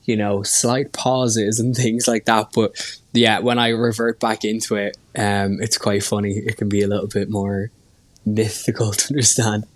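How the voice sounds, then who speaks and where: A man's voice: lowish voice, level tone, moderate pace, dry recording. A man with an Irish accent, a guest hairstylist chatting in an easygoing, wry way. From Ireland. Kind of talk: casual chat.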